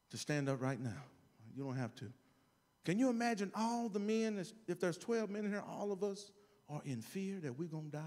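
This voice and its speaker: A man with a high-pitched voice preaches a sermon as a guest in a church sanctuary, shouting one moment and dropping to a soft hush the next while calling out to the congregation. The recording carries long hall reverb.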